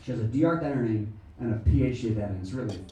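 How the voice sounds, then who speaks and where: A middle-aged American man doing stand-up comedy on a small theatre stage, talking in an animated, exaggerated way and acting out characters. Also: very fast, very noisy. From United States. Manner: animated, exaggerated, acts out shrill voices. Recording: echoey room mic'd from a distance. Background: audience laughter.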